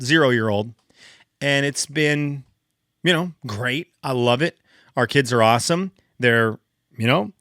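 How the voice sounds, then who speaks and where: A man in his thirties, a podcast host, telling a casual story in an animated, exasperated way with big jumps up in pitch for emphasis. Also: no room sound, studio quality.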